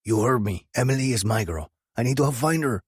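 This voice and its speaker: A man voicing a hotheaded young male biker prospect who talks loudly and defiantly, with a growly edge. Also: mid-range voice, expressive, brisk, slightly rough, dry recording, clean studio sound, pitched above the performer's own voice.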